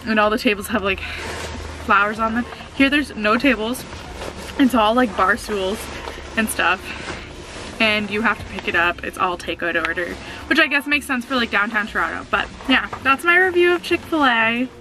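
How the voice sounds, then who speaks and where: A woman's voice: on the high side, normal speed, background noise. Chatty young woman vlogging from a car. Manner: chatty, rambling, with fillers and laughs. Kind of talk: casual vlog chat.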